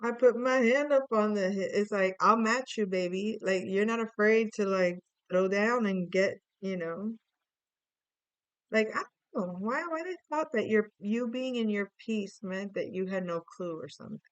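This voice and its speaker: A woman's voice: medium pitch, expressive, moderate pace, clear, resonant tone, no echo, highs cut off. A woman giving a casual tarot reading, playful and musing aloud with chatty asides. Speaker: tarot reader.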